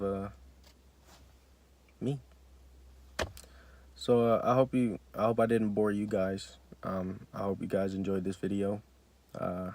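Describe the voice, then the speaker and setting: A man's voice: medium pitch, no room sound. A young man vlogging about his life, telling a heartfelt personal story with many fillers and restarts.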